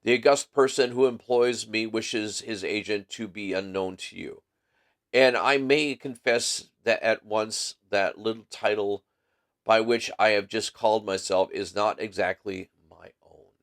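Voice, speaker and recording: A man's voice: lowish voice, steady tone, unhurried, a bit bright. A man voicing a proud, secretive nobleman with a German accent, who speaks in a formal, guarded and commanding way. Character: towering masked male nobleman, proud and secretive.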